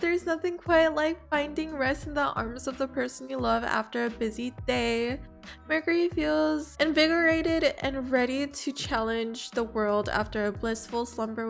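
A woman hosting a let's play, chatting along and gasping at exciting moments. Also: high voice, creaky. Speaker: gaming channel host. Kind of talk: let's play commentary with face cam.

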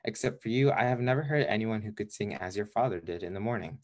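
A man voicing a sly, flattering male fox in a storybook reading, with smooth, coaxing courtly speech. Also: lowish voice, fast talker, natural voice.

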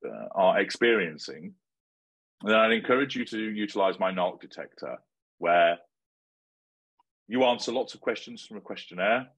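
A man answering interview questions in a measured, assertive, lecturing way. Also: fairly low pitch, fairly bright tone, slightly rough. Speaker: interviewee giving advice.

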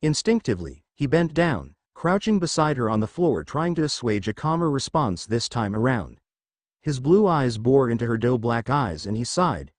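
A man's voice: medium pitch, sing-song, moderate pace, dry recording, clean studio sound. A man reading fan fiction aloud as a narrator, telling the story expressively. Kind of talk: scripted fanfic narration.

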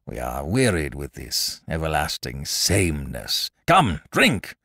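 A man voicing a cruel, blustering king with loud, mocking, drawn-out speech in a dramatic audiobook reading. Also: a bass voice, wildly swooping pitch, gravelly, no echo, studio quality, pitched below the performer's own voice, exaggerated voice. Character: cruel, blustering middle-aged male king.

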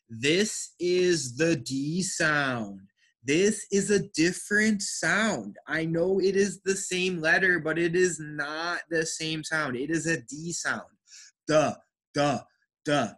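A man teaching an online English pronunciation class, speaking slowly and carefully and praising students. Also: on the high side, sharp tone, breathy edge. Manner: slow, careful enunciation with encouraging feedback.

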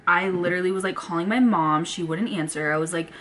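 A woman's voice: lowish voice, fast talker, fairly bright tone, a little hiss or hum. A young woman vlogging at home, telling a story in a dramatic, profane way with lots of "like". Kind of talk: casual storytime vlog. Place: home, indoors.

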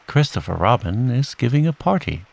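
A fussy, pompous storybook owl, a little higher and brighter than the narrator, as a man puts him on. His gravelly voice carries over steady rain. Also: moderate pace. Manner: fussy, self-important.

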